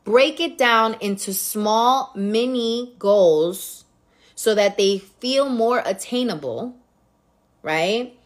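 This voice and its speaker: Speaking slowly with a voice on the high side, a thirtysomething New Yorker with a local accent runs a laid-back livestream. Her story comes straight to the audience, frank, full of swearing and lively.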